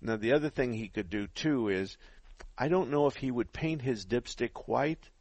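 A man's voice: medium pitch, normal speed, a little mellow, no room sound. A middle-aged man hosting a call-in car repair radio show, giving practical step-by-step advice in a folksy way while slightly out of breath. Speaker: radio show host, auto mechanic. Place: radio studio. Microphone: headset.

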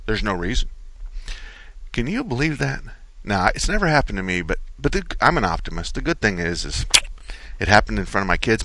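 A middle-aged man hosts a call-in radio show with a bright, lively voice that swings widely in pitch as he acts out what people said. His delivery is animated, like an excited storyteller. The studio sound is close and dry. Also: no room sound, poor audio. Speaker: radio car-repair talk show host. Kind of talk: talk radio monologue.

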